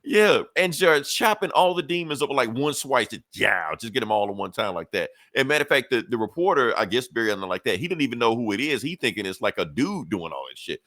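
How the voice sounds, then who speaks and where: A man's voice: medium pitch, very animated, fast, hardly any pauses, a bit bright, dry recording, studio quality. A man on a podcast casually retelling a comic book story, loose and profane, laughing often. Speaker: podcast co-host.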